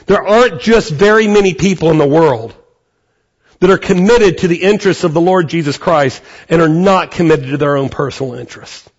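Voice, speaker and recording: High-voiced man preaching a lively sermon. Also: fairly quick, lo-fi sound. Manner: animated, conversational preaching with acted quotes. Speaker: pastor.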